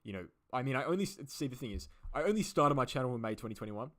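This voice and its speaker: Aussie guy rambling on his live stream, lots of "you know" and "like", talks quick. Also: mid-range voice, animated, fairly bright tone. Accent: Australian. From Australia. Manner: rambling, filler-heavy, repeats himself. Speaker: crypto channel host. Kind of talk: live stream, answering viewer questions.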